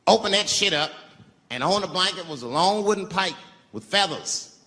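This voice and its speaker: A male comedian with a fairly high, lively voice swaggers through a profane routine. It swings from loud bursts to near-whispers. His voice fills a large venue with a long echo over clearly audible crowd noise. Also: moderate pace. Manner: profane, swaggering, jumps between loud and quiet. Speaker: stand-up comedian. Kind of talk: stand-up comedy storytelling. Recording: live stage with long reverb and audience noise.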